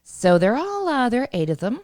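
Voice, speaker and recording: A woman co-hosting a podcast, chatting casually and telling animated stories full of laughter. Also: a little high, fairly quick, dry recording, studio quality. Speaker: podcast co-host. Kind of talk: casual chat.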